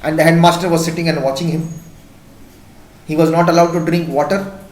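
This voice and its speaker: Impassioned Indian male teacher, high voice. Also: level tone, a little fast. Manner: impassioned, emphatic. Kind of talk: classroom lecture. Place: classroom. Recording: echoey classroom.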